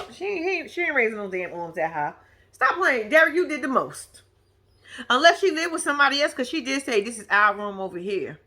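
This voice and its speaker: A woman's voice: sits high, bright, forceful tone. A woman giving casual, profane reaction commentary on a reality show, with laughing asides.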